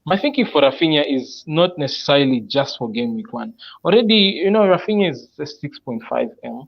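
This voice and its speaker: A man in a casual online chat, talking through his fantasy football picks step by step with frequent pauses. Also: on the high side, lively intonation, creaky, lo-fi sound. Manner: thinks aloud, explains picks step by step with many pauses. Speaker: panelist presenting his fantasy football team.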